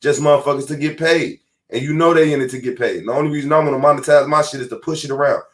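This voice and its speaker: A man's voice: on the high side, rapid-fire. Heated, profane man ranting as podcast host. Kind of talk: angry monologue rant.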